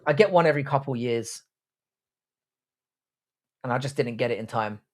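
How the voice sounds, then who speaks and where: A man's voice: mid-range voice, normal speed. A young man hosting a live stream and chatting with viewers, blunt and profane. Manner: crude, profane banter. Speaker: livestream host. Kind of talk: casual live chat reading comments.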